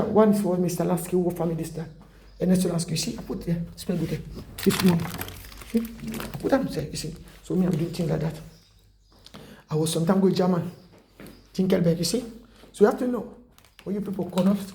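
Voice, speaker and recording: High, gravelly man preaching. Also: mellow, reverberant. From Africa. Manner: impassioned, rambling, broken English. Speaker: self-styled preacher. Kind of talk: rambling exhortation. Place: indoors at home.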